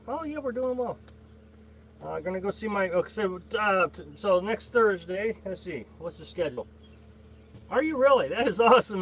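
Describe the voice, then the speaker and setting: A man's voice: high voice, a bit bright. A middle-aged man hosting a casual live stream, rambling with many fillers and greeting viewers by name as he reads their comments. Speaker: livestream host.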